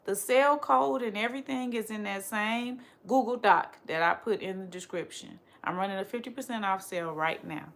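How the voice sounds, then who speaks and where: A woman speaking straight to her audience as a spiritual teacher, emphatic and repetitive, firing off rhetorical questions and dropping softly on her refrains. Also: medium pitch, normal speed, hardly any pauses. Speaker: spiritual teacher and channel host. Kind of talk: direct-to-camera motivational talk.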